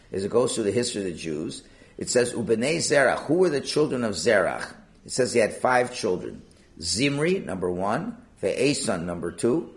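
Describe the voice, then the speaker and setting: Man, Talmud teacher, lively rising and falling voice, rhetorical questions. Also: medium pitch. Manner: animated, rhetorical questions, explains text line by line.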